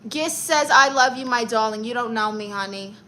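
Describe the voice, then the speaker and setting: A woman's voice: fairly high pitch, normal speed, pushed and bright, slight background noise, rough recording. Sassy New woman reading live chat. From Brooklyn, New York. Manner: sassy, teasing, calls viewers honey and darling. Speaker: livestream host playing an aunt character.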